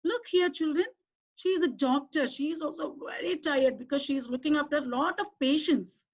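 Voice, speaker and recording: A woman's voice: sits high, brisk. A woman teacher with an Indian English accent giving a lesson to young children, coaxing them with questions and asking them to repeat words. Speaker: primary school English teacher. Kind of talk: online class lesson for children. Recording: dull lo-fi recording.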